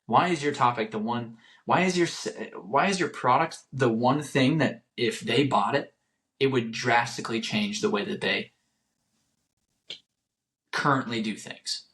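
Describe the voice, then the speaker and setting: A man's voice: mid-range voice, measured pace, a bit bright. Earnest young man hosting a podcast. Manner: earnest, repeats phrases for emphasis. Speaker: podcast host. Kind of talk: solo motivational podcast talk.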